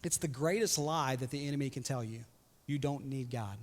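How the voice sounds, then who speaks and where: A young adult man preaching a sermon as pastor, animated and joking, often slipping into playful voices for quotes. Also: mid-range voice, brisk. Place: church hall. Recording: reverberant church hall.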